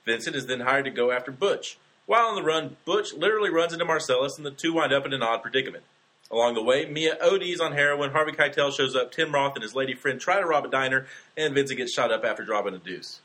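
A man co-hosting a film podcast, reading a plot summary in a quick, matter-of-fact way. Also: mid-range voice, pushed and bright. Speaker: podcast co-host.

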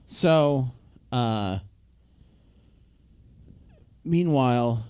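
A man speaks very slowly in a clear, resonant, darkish voice of medium pitch with lively intonation. Co-hosting a podcast, he casually recaps a movie's plot in rambling chat full of filler words, captured in slightly dull lo-fi audio.

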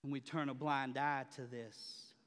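A man preaching a sermon as pastor, swinging from quiet murmurs to loud, high shouting in a dramatic, colloquial preaching style. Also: little pitch movement, unhurried, big-room sound.

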